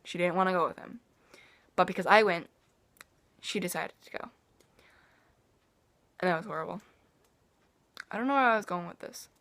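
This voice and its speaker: A woman's voice: fairly low pitch, fast, long pauses, fairly bright tone. A teenage girl telling a long personal story to camera in a rambling, casual way, with sighs and side remarks. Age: teens. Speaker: vlogger.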